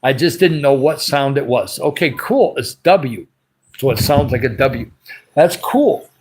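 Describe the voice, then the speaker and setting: A man hosting a casual livestream, his throat dry and raspy, rambling along and greeting viewers by name as he reads their comments. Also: medium pitch, expressive, measured pace. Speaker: livestream host.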